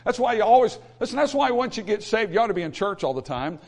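A man's voice: high voice, big pitch swings, fast, darkish tone. A male pastor preaching a sermon in an emphatic, repetitive way, with humorous asides.

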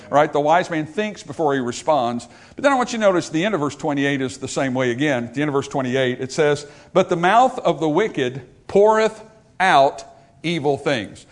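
A male pastor preaching a sermon, joking with the congregation and asking them questions. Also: fairly high pitch.

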